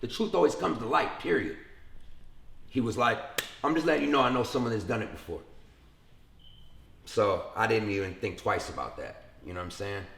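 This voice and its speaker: A young man tells his story in a casual interview with a gravelly, rough-edged voice. He acts out the people he quotes in a lively, profane way. The room around him has a noticeable echo. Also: fairly low pitch, normal speed, pauses often, slight background noise. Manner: animated retelling with acted quotes and profanity. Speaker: interview guest.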